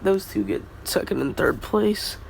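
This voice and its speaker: A man with a high, gravelly voice rambles through a casual fan story full of slang and filler words. He speaks slowly, and his pitch swings widely. A faint hum sits behind him. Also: very animated, low-quality recording.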